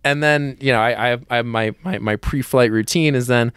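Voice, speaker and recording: A man's voice: mid-range voice, brisk, a bit bright, clear, resonant tone, dry recording, clean studio sound. A man hosting a podcast, chatting casually and laughing often as he tells his own story. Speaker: podcast host. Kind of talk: casual chat.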